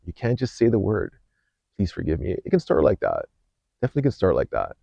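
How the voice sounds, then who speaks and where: A man with a very deep, gravelly voice hosts a podcast and tells a personal story in an earnest, unhurried way. He often restarts his sentences and fills pauses. The recording is dry and a little dull. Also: mellow, no room sound. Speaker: podcast host. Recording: slightly dull dry sound.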